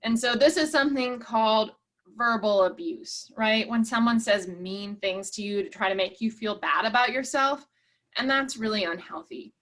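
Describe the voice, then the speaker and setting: A woman's voice: on the high side, normal speed, fairly bright tone. Upbeat woman presenter reading chat replies. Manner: encouraging, reads out participants' chat replies. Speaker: workshop presenter. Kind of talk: online workshop teaching.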